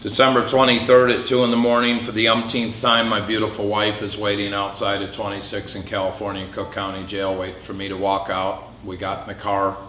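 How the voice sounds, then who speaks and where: A middle-aged man speaks with a bright, forceful edge, giving a candid personal testimony to a crowd. His voice sits a little low and carries flashes of dark humor. The sound is roomy, with faint hall ambience behind it. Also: monotone, fairly quick, few pauses, slight background noise. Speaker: public speaker. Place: event hall.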